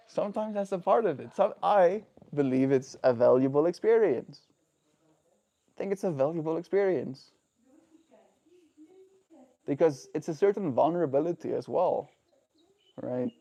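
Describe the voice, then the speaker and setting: Man, mellow warm voice, earnest, reflective, livestream talk at home. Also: a little high, lively intonation, a little slow, creaky, long pauses. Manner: earnest, reflective, often asks "right?". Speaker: daily livestreamer.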